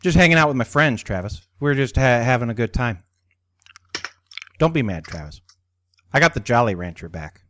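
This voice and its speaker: A man's voice: mid-range voice, animated, normal speed, pauses often, a bit bright, a little hiss or hum. A man hosting a casual podcast chat, teasing and joking with his friends. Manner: playful, teasing.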